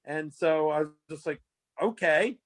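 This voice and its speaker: A man's voice: high voice, normal speed. A man guest in a casual interview, telling stories with many fillers and restarts. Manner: rambling, lots of fillers and restarts, animated retelling. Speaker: fantasy sports analyst guest.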